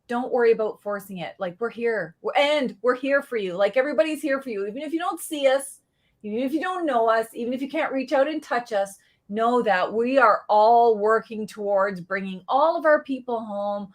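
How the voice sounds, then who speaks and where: A middle-aged woman from Canada, speaking as a guest in a relaxed conversation. Her voice sits high, and she talks in an earnest, encouraging way, sharing personal stories. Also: brisk. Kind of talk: casual interview chat.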